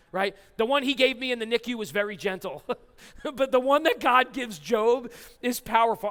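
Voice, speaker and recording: Animated pastor preaching in a reverberant hall. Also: male voice, high-pitched. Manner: animated, quick bursts of reading scripture aloud. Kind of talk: sermon. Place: church hall.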